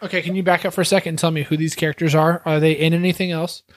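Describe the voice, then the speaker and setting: A man's voice: on the high side, flat delivery, very fast, no room sound. A man co-hosting a podcast in casual chat, teasing his co-host with mock outrage and joking profanity.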